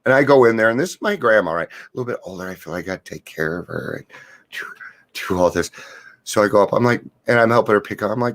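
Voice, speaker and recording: A man's voice: lowish voice, lively intonation, quick pace, a bit bright. A middle-aged man talking to camera in an earnest, confiding way, sharing a daily recovery reflection and stories. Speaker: recovery vlogger.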